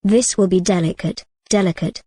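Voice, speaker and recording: A woman voicing a discreet French male investigator in his late fifties, speaking in a measured, matter-of-fact way. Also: lowish voice, steady tone, dark tone, no room sound, close to an everyday voice.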